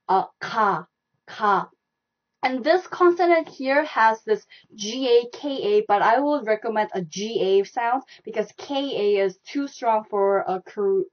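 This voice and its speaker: A woman with a Korean accent teaching a live online language class, repeating steps slowly and laughing often. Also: mid-range voice, dull audio. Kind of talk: live-streamed language lesson.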